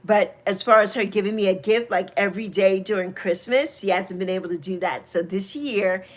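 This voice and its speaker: A woman's voice: medium pitch, moderate pace. A woman in her sixties hosting a casual livestream, chatting affectionately with viewers and greeting them by name. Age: 60s. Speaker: livestream host. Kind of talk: casual livestream chat reading comments.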